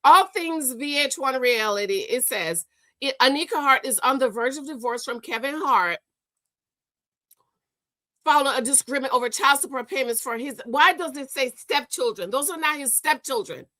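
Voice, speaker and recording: A woman's voice: sits high, moderate pace, sharp tone, no room sound. A woman hosting a gossip commentary show, exasperated and scolding, stammering and repeating herself as she rants. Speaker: host.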